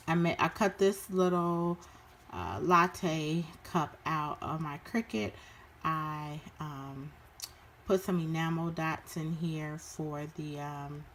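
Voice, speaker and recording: Low-voiced woman, casual show-and-tell of crafts, unhurried with lots of ums, faint hiss behind. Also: a bit bright. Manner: unhurried, with frequent ums and uhs. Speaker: crafter showing her work.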